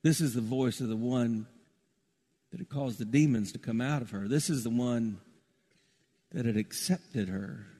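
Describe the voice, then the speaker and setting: A middle-aged man preaching a sermon in a church, rising to loud emphatic peaks and dropping to soft, low asides. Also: measured pace, long pauses. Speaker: pastor. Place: church sanctuary. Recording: long reverb of a large hall.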